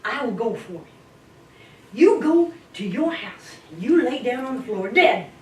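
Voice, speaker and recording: A big, tough, not-so-bright male wolf from a spoken folk tale, as a woman storyteller puts him on. He talks in a slow, folksy drawl with a lively lilt. The sound is distant and echoey with a faint hiss. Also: a little high. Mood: eager.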